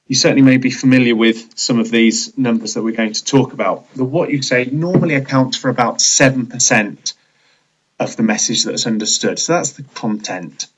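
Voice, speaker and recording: A man narrating a scripted leadership training video in a measured, explanatory way. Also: medium pitch, muffled recording.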